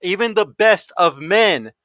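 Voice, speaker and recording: An American man hosting a dating podcast, arguing forcefully, swearing often and talking over his guests. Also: high-pitched, lively intonation, measured pace, no echo. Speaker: host. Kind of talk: heated panel debate.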